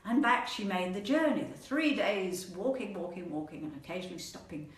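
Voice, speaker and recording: A woman storyteller telling a folk tale aloud in a playful, animated manner, repeating words for rhythm. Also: on the low side, brisk. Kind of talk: oral storytelling. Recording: echoey room, mic at a distance.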